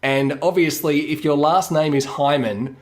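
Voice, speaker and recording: A man, co-hosting a podcast in casual chat, rambling with hedges and acting out quick mock dialogues. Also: a little high, steady tone, a little mellow. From Australia. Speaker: podcast co-host.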